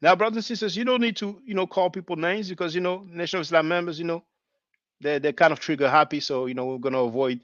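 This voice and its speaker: A man's voice: on the high side, fast, fairly bright tone, dry recording, dull audio. A man giving chatty, mocking commentary on video clips, with many fillers.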